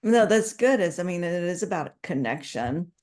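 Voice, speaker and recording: A woman's voice: fairly low pitch, lively intonation, normal speed, a little mellow. A woman taking part in a group discussion from home on a video call, thinking aloud with fillers. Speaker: group participant. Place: at home with dogs.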